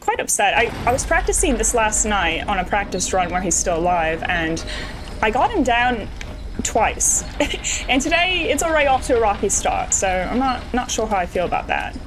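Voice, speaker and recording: A woman's voice: mid-range voice, very animated, normal speed, noisy background, lightly acted. A woman putting on a hammy fake British voice. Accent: bad imitation British. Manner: playful, hammy, swears in mock-British slang. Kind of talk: live game stream chat. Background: video game music.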